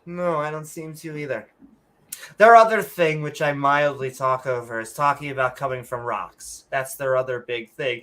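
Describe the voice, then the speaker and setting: A woman's voice: rumbling low, normal speed, a bit bright. A woman co-hosting a podcast, ranting bluntly and sarcastically in casual chat and swearing freely. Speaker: podcast co-host.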